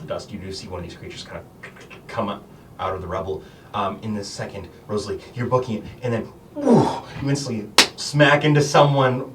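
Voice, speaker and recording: Guy game master rambling thru a tabletop scene, lots of ums, far from the mic. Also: lowish voice. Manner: rambling, filler-heavy, laughing often. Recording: distant mic, faint noise.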